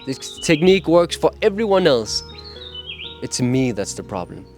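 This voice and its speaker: A man's voice: a little high, very animated, normal speed, a little mellow, faint music behind. A man with a cadence, talking earnestly and openly about his own experience in a personal vlog. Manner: earnest, open, laughs now and then. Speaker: vlogger sharing meditation advice. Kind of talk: casual personal talk to camera.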